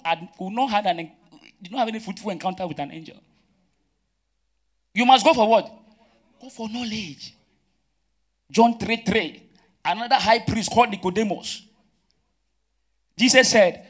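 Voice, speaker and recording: In church, a pastor preaches a sermon in a high voice at a measured pace, pausing often. He calls out questions and swings between loud, emphatic bursts and quiet asides.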